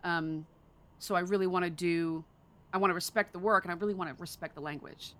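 American woman narrator, lowish bright voice, eager and self-mocking in casual chat. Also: steady tone, fairly quick. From United States. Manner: enthusiastic, playful, self-deprecating. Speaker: audiobook narrator.

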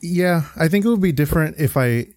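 A man's voice: fairly high pitch, animated, fairly quick, darkish tone, no room sound. Laid-back jokey podcast co-host man. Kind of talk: casual chat.

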